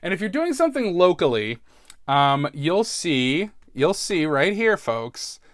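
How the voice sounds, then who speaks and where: A man's voice: fairly high pitch, big pitch swings, a little slow, no echo, clean studio sound. A man talking casually in a rambling, self-deprecating way, often laughing and restarting his sentences, sounding stressed. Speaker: podcast host.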